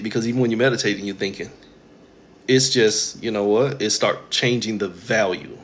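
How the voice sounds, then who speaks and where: A man's voice: lowish voice, a little hiss or hum. A man, giving a blunt, profane spiritual monologue to his audience as host. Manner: blunt, profane and preachy, mimicking others in quoted asides.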